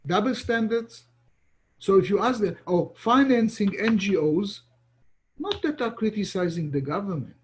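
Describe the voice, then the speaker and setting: A man's voice: high-pitched, animated, normal speed, slight background noise. A middle-aged man, giving an online lecture as an ambassador, talking with many restarts and repeated words.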